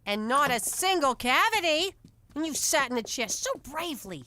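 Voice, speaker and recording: A fussing cartoon housewife and mother with a high, sing-song voice. She coos and soothes in a dry, close recording. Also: sing-song, normal speed, sharp tone, no echo, exaggerated voice. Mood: cooing. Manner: cooing and motherly.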